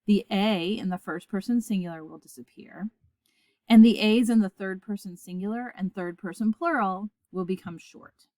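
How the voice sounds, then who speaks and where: A woman teaching a Latin grammar lesson in a clear, deliberate scripted narration, reciting word forms aloud for listeners to repeat. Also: mid-range voice, warm tone, no echo.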